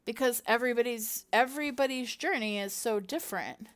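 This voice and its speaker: Speaking a little fast in a fairly high voice, a middle-aged woman chats casually with her viewers as she works on a computer at home, her cat close by. She's a content creator who rambles and talks to herself, with plenty of fillers.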